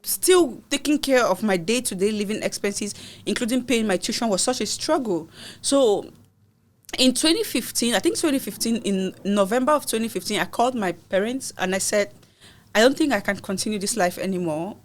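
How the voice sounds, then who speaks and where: A woman's voice: fairly high pitch, animated, moderate pace. A woman from Cameroon, a podcast guest, earnestly and expressively recounting personal hardships in conversation.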